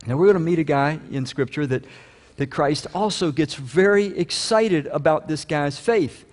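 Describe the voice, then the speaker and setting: A pastor preaching a sermon in a conversational way, growing loud and emphatic when he reads scripture. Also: fairly high pitch, moderate pace, long reverb tail. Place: church sanctuary.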